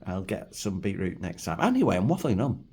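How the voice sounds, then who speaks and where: A low-pitched, dark male voice with vocal fry and a breathy edge moves briskly with big pitch swings. He's a middle-aged food vlogger with a Manchester accent, rambling casually and self-deprecatingly while reviewing food at a table at home.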